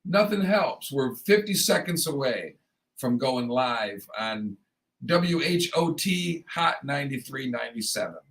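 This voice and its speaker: Male morning radio host, studio mic, loose joking ramble, a bit froggy, mid-pitched. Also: animated, measured pace, fairly bright tone, rough recording. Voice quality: slightly rough, froggy voice. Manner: rambling, joking, self-deprecating. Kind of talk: casual on-air chat.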